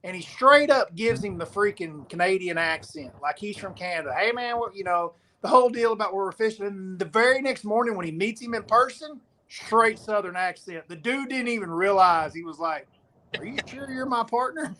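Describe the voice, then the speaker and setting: A man co-hosting a casual fishing chat, animated and teasing. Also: sits high, fairly quick, few pauses, slight background noise. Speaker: co-host.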